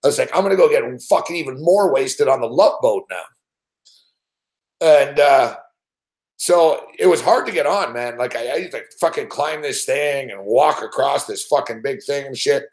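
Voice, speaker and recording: A man's voice: medium pitch, animated, moderate pace, a little mellow. A man hosting a show, telling a long story in a rambling, profane way with frequent laughs and heavy swearing. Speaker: show host.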